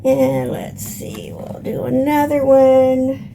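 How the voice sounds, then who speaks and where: An older woman hosting a home gardening lesson, explaining step by step in a plain, unhurried way. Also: high-pitched, flat delivery, vocal fry, dark tone, slight background noise. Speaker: gardening channel host. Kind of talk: instructional gardening video.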